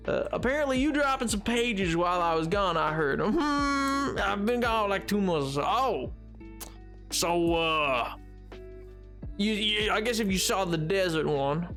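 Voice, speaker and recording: An excitable young man talks casually through a game stream, reading chat aloud and breaking into laughs. His voice sits high and swings wildly in pitch. Faint music plays underneath. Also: a little slow.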